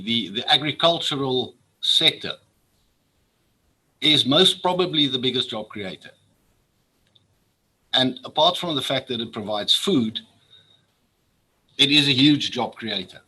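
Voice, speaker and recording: A man's voice: medium pitch, expressive, measured pace, long pauses, bright, forceful tone, slightly rough, poor audio. A man gives a formal speech to an assembly as a public official. He speaks earnestly and often repeats words when he feels strongly. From South Africa.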